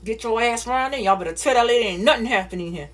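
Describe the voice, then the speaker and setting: A woman voicing a stern, menacing older grandmother who speaks in sharp, scolding bursts. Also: fairly high pitch, racing, close to an everyday voice. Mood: threatening.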